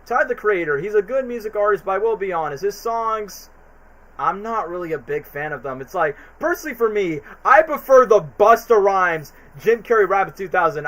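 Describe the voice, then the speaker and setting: A man's voice: high-pitched, a bit bright, low-quality recording. Chatty young man with a raised voice. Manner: rambling, chatty, frequent fillers and restarts. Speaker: streamer ranking movies. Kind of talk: casual opinionated commentary stream.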